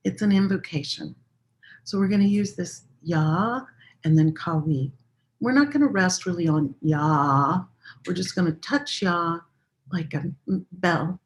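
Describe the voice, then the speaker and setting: A woman teaching a spiritual practice, guiding listeners through a chant in a calm, unhurried, gently encouraging way. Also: fairly low pitch, rough recording. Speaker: Sufi teacher leading a practice. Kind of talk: guided meditative chant instruction.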